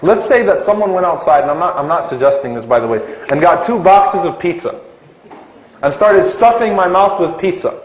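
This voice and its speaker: A man's voice: high-pitched, animated, moderate pace, echoey room, slight background noise, low-quality recording. A man giving an Islamic lecture to a live audience, asking them questions and stretching out key terms for emphasis.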